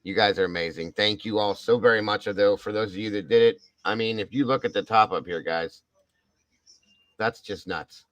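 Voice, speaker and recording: A man's voice: fairly low pitch, moderate pace, fairly bright tone, no room sound, highs cut off. Effusive older man hosting a live stream. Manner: effusive, thanking viewers by name. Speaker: livestream host. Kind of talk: casual live-stream chat.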